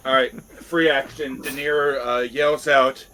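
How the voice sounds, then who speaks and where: Guy at a tabletop game, bright voice, mid pitch, counting dice out steady. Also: measured pace. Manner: steady, tallies numbers out loud. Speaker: player. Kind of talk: casual tabletop game play.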